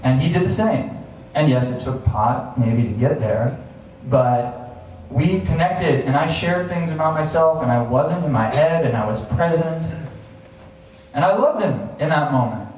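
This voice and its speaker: Man in his thirties with a somewhat high voice, animated storyteller on a live stage, recorded from afar in a very reverberant room. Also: measured pace. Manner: animated, acts out his own past thoughts with chuckles. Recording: very echoey, distant, faint hiss.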